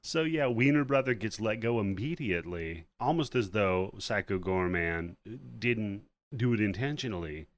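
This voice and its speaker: Low-pitched man, podcast host, casual movie recap, profane, retells scenes by voicing the characters. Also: expressive, moderate pace, few pauses.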